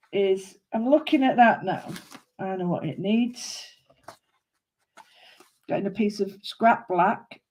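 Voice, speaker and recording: A woman's voice: mid-range voice, a little mellow. Chatty woman crafting on camera. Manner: chatty, rambling, thinks aloud to viewers. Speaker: craft vlogger. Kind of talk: casual chat while doodling.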